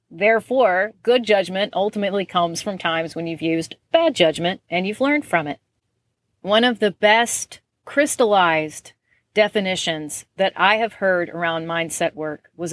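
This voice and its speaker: A woman's voice: fairly low pitch, no room sound. Chatty woman with a dry close sound. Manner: chatty, laughs often, acts out little quoted voices. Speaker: podcast host. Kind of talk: casual solo talk.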